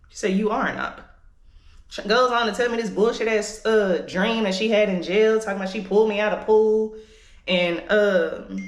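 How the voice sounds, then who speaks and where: A woman, telling a candid, profane story to her camera while she does her makeup. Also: mid-range voice. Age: late 20s. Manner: candid, profane, heated venting. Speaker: vlogger. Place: indoors at home. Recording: echoey room.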